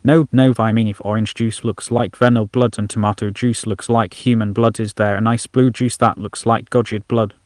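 A man's voice: fairly low pitch, flat delivery, moderate pace, few pauses, darkish tone, no room sound, clean studio sound, close to an everyday voice. A man voicing an odd, whimsical inner voice in a storybook narration, curious and offbeat. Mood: musing. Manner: musing, offbeat.

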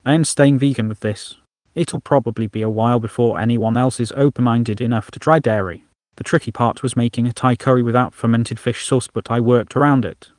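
An earnest, careful human cook, easily flustered, played by a male narrator. A plain mid-pitched man's voice, heard dry and close. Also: fairly even intonation, fairly quick, darkish tone, no room sound, natural voice.

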